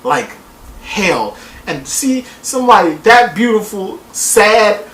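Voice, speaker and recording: A woman recapping a reality TV episode in a casual vlog, profane and animated, acting out quotes in exaggerated voices. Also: mid-range voice, takes it slowly. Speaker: TV show reviewer. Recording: roomy echo.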